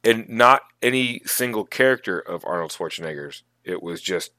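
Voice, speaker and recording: A man co-hosting a casual podcast, talking in animated, emphatic bursts. His fairly low voice has a bright, forceful edge. The recording is dry, with no room sound. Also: moderate pace, no echo. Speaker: podcast co-host. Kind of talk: casual chat about tabletop gaming.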